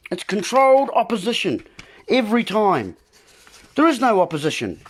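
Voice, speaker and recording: Brief: male host, political rant, keeps repeating himself, talks straight to his listeners, voice on the high side. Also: big pitch swings, moderate pace, slightly rough. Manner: repetitive, ranting, keeps calling out "folks". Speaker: video host. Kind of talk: political monologue.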